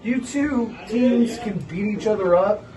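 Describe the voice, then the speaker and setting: A man's voice: high-pitched, measured pace, a crowd in the background. A man cutting a cocky, taunting wrestling promo at rival teams. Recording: distant mic with light noise.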